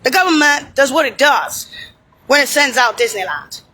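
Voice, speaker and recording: A woman's voice: high-pitched, expressive, moderate pace, sharp tone, slight background noise, low-quality recording. A woman delivering an angry, profane, rambling monologue, hurling insults and pointing things out on screen. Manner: points at something on screen while talking.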